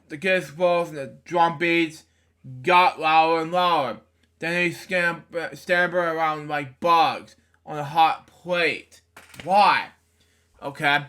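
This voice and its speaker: A man reads a children's storybook aloud, stumbling and restarting words and tossing in casual comments as he turns pages. His voice is bright and a little high, and he takes it slowly. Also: fairly even intonation, clear, resonant tone. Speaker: storybook reader. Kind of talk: reading a children's book aloud with asides.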